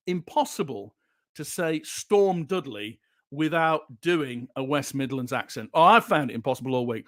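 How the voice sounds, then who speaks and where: A man hosts a casual livestream and chats in a jokey way as he reads out viewer comments. His voice sits high and moves around a lot. The sound is dry and close. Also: lively intonation, unhurried, dry recording. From Yorkshire, England. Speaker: livestream show host.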